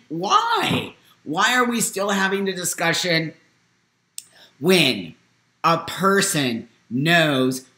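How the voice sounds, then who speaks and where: A man in his fifties hosting a live stream, talking in an emotional, emphatic way, at times near tears, swinging from loud to hushed. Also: a little high, reverberant. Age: 50s. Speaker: host.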